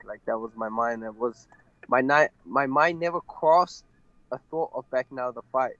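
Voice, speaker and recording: A young man, an MMA fighter, telling a personal story in an interview, halting and full of fillers. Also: medium pitch, steady tone, fairly bright tone, dry recording, dull audio. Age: young adult. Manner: halting, many fillers and restarts.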